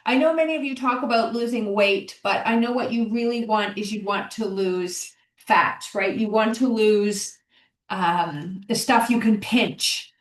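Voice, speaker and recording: A woman's voice: mid-range voice, a little slow. A middle-aged woman hosting a solo podcast, talking in an encouraging, conversational way and often repeating her key phrases. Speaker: podcast host, health coach. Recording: roomy, distant mic.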